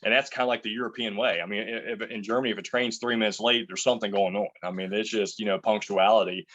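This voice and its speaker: A man's voice: lowish voice, fairly even intonation, fast, a bit bright. A man in an interview who rambles, restarts his sentences and tells anecdotes about working as a chef. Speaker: chef and entrepreneur. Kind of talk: casual interview answers.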